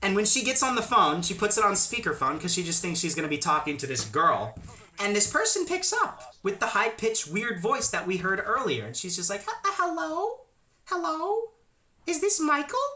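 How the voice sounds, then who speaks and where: A man's voice: sits high, fairly quick. A young man telling a storytime vlog in a chatty way, full of asides. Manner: animated, chatty, many asides. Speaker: YouTube storyteller. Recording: echoey room.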